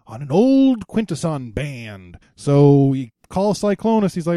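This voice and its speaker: A man's voice: on the high side, big pitch swings, unhurried, dark tone, no echo, clean studio sound. A young man co-hosting a podcast, casually recapping a cartoon episode in a playful way and slipping into silly voices. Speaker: podcast co-host.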